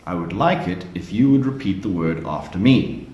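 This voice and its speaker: A man running a flashcard lesson for small children, talking slowly and leaving room for them to repeat each word. His fairly low voice swings lively up and down, and the recording has a roomy echo. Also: lo-fi sound. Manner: slow, lively, encouraging repeat-after-me prompts. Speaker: English teacher for young children. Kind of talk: slow flashcard lesson for kids.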